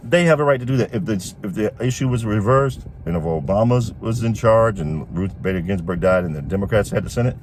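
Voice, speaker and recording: A man's voice: lowish voice, lively intonation, fast, hardly any pauses, darkish tone, slight background noise. A man giving casual political commentary in an opinionated way, chuckling often as he talks.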